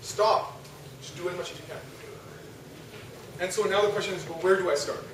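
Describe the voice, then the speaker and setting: A young man with a high voice gives a talk to an audience. He keeps it chatty and ends sentences with "right?" He sounds far from the mic in a very echoey, noisy hall. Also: steady tone, moderate pace. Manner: conversational, asks the audience, frequent rhetorical "right?". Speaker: lecturer. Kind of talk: religious youth talk.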